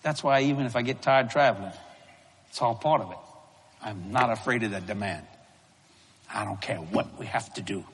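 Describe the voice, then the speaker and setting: A middle-aged man delivers a sermon in a folksy, storytelling manner, chuckling as he goes. His voice is a little husky. The sound carries a long reverb, like a big church hall. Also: fairly low pitch, moderate pace, pauses often. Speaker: preacher.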